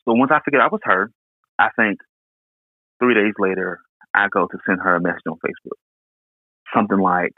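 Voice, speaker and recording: A young man from Houston, Texas, telling a personal story in an earnest, halting way with many restarts. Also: on the low side, no echo. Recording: tinny phone-like line.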